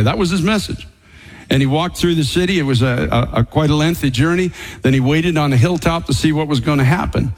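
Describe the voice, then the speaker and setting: A male pastor preaching with emphasis, his voice set somewhat high. He retells scripture in plain words and chuckles now and then. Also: lively intonation, fast, low-quality recording. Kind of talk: sermon.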